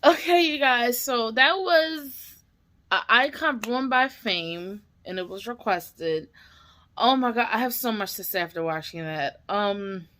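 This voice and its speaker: A woman talks slowly through a casual reaction video. She is tearful and emotional, rambling from thought to thought with lots of ums and restarts. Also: on the high side, a bit bright.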